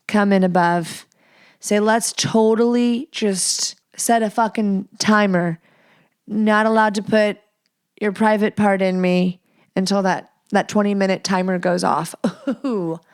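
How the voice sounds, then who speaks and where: A young adult woman hosting a candid solo podcast, frank and playful, with whispered asides and sudden high squeals. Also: clear, resonant tone. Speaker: podcast host.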